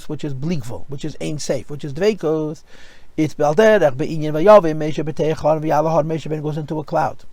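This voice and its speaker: Male rabbi, Torah lesson, explanatory with story asides, slightly raised pitch, dry sound. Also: no room sound. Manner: explanatory, storytelling asides, mixes Hebrew and Yiddish terms. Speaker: rabbi teaching a class.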